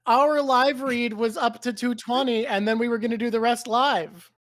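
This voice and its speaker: Animated man, swearing and laughing. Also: very high voice, moderate pace, no echo, clean studio sound. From Canada. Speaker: streamer and show host. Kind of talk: casual chat on a live stream.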